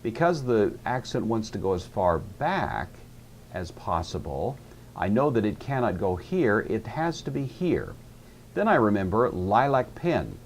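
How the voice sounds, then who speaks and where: A man's voice: sits low, darkish tone, a little hiss or hum. A man teaching a classroom lecture on Greek grammar, explaining rules patiently and methodically with frequent hesitations.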